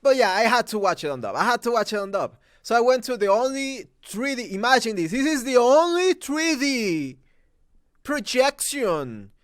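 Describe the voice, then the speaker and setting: A man's voice: very high voice, big pitch swings, normal speed, a bit bright, clear, resonant tone, no echo, clean studio sound. A young Mexican man with a Mexican accent, ranting about a movie dub, profane and exasperated with frequent restarts. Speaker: movie reviewer. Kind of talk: angry rant.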